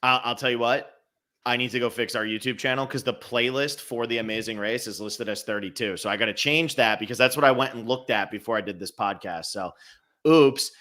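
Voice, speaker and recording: A man's voice: medium pitch, fairly quick, sharp tone. A man hosting a podcast, conversational and explaining at length. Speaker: podcast host. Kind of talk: casual podcast chat.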